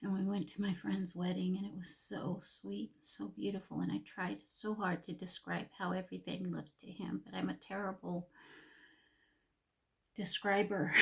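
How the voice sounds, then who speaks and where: A woman's voice: mid-range voice, flat delivery, normal speed, gravelly. An older woman chatting while getting ready, emotional and confiding, sometimes dropping to a whisper. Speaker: vlogger.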